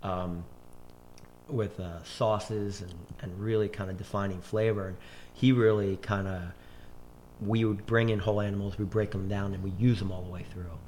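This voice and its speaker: A man's voice: on the low side, flat delivery, moderate pace, darkish tone, slight background noise. A man in his forties, a chef, telling long rambling stories in casual conversation, full of restarts and quoted dialogue.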